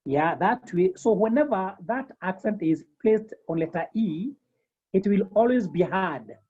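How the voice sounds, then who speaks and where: Lady teaching french online, repeats every word, husky voice, muffled call sound. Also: mid-range voice, expressive, mellow. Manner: slow, repeats each term several times. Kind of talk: online language lesson. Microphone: video call.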